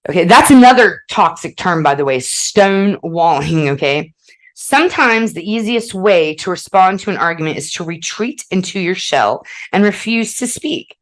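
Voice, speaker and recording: Woman podcast host, lowish voice, blunt and profane, keeps checking in with "okay?". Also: rough recording. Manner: blunt, swears freely, frequent "okay?" check-ins. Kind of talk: casual advice podcast with read passages.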